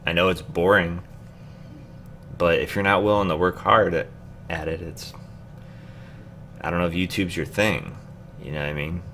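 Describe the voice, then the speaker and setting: A man's voice: deep voice, fairly even intonation, normal speed, long pauses, fairly bright tone, a little hiss or hum. A man with a Midwestern American accent, chatting casually as a YouTuber in an easygoing, rambling way with many fillers. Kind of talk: casual vlog chat.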